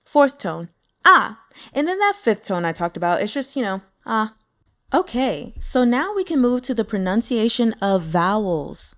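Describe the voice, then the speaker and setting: A woman's voice: fairly high pitch, sing-song, moderate pace, hardly any pauses. A woman and native English speaker teaching pronunciation in a casual lesson, upbeat and demonstrating sounds with exaggerated examples. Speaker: language teacher.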